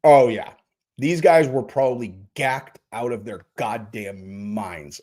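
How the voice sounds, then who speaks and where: A man's voice: mid-range voice, slow pace, a little mellow. Rambling, profane male stream host. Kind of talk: casual livestream commentary.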